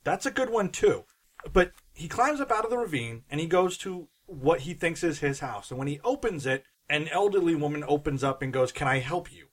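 A man hosting and editing a podcast, recapping a movie in casual chat, laughing often and jumping in eagerly. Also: a little high. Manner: excited, laughing, quick to interrupt. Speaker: podcast host and editor.

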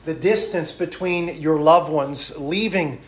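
A middle-aged man, a missionary preacher, delivering a sermon in emphatic rhythmic lists that swing from loud to hushed. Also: on the high side, slow, echoey room.

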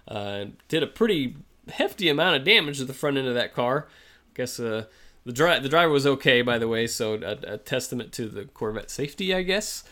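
A man's voice: mid-range voice, expressive, fairly quick, pushed and bright. A man co-hosting a racing podcast, chatting casually and rambling with plenty of filler. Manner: rambling, lots of uh and I guess. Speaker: podcast co-host. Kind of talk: casual chat.

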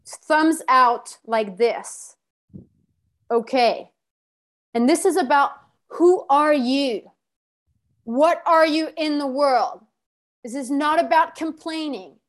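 A woman's voice: sits high, takes it slowly, long pauses. A woman leading a workshop as coach, giving short, blunt, profane orders. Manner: commanding, gives short orders.

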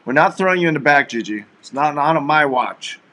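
A man co-hosting a live stream, chatting and joking in a playful, teasing, rambling way that swings between loud and soft. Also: on the high side, expressive, a little fast. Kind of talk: casual joking chat.

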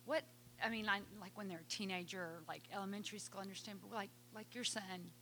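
Woman audience questioner, hesitant, mid-pitched, faint hum. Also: fairly even intonation, fast, pushed and bright. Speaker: audience member asking a question.

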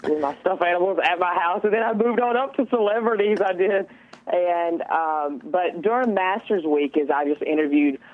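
Southern teen caller with a Georgia drawl, slightly high, halting speech, phone-line sound. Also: male voice. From Georgia, USA. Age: teens. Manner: hesitant, many ums and restarts. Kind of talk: phone-in interview.

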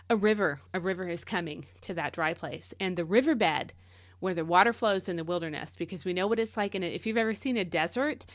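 A woman's voice: fairly low pitch, fairly bright tone, dry recording, clean studio sound. Emphatic woman giving a casual devotional. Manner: emphatic, conversational, stresses key words. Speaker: devotional podcast host.

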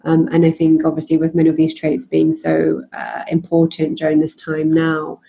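A woman hosting a podcast interview over a video call, with a relaxed manner and many fillers. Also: deep voice, moderate pace, gravelly. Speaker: podcast host. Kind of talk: casual interview chat.

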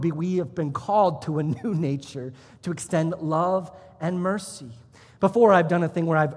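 A man's voice: a little high, husky, big-room sound. A man serving as pastor, preaching a sermon in a church with emphatic rises and drops in his delivery. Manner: emphatic, rising and dropping for emphasis. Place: church sanctuary.

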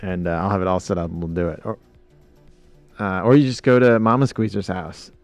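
Gravelly low-voiced man joking around. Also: fairly even intonation, a little fast, no room sound, soft background music. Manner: joking banter, slips into mock voices. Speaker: podcast host. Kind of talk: casual chat.

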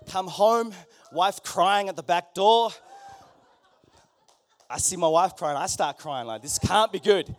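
Animated man preaching. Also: a little high. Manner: animated, acts out characters in quoted voices. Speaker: pastor. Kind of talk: sermon with storytelling. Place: church hall.

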